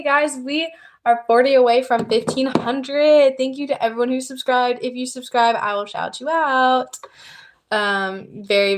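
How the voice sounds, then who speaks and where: A young woman with a Southern American accent chats on a livestream in a friendly, upbeat way. She talks at a medium pitch and reads out viewer comments as they arrive. Her delivery is loose and conversational. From Southern United States. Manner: chatty and upbeat, reading out viewer comments and thanking new subscribers. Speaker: YouTuber hosting a livestream. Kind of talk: casual livestream chat.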